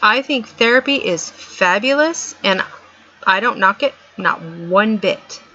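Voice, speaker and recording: A woman's voice: mid-range voice, animated, slow pace, bright, forceful tone. A middle-aged woman vlogger giving an earnest, emphatic motivational talk, repeating her points for stress. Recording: dull lo-fi sound.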